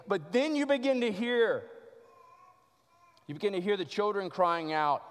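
Male pastor, dramatic sermon, slightly high voice, echoey church hall. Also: a little slow, smooth. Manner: dramatic, swings from loud to hushed.

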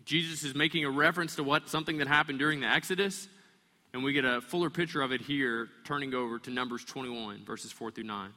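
A man preaching a sermon, animated and storytelling, acting out the voices of the people in the story. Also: mid-range voice, fast, big-room sound. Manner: animated, acts out voices of complaining people and kids. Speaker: pastor.

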